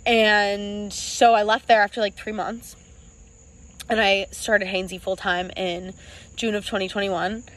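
A young woman in her twenties, the founder of a small clothing brand, telling her own story in a vlog, earnest and halting, with many ums and restarts, close to tears at times. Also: medium pitch, level tone, fairly bright tone, low-quality recording.

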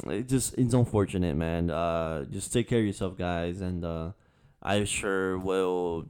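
A man's voice: low-pitched, a little mellow, clean tone. A young man, hosting a casual podcast and telling stories in a rambling, profane, laid-back way. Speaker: podcast host. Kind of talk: casual chat.

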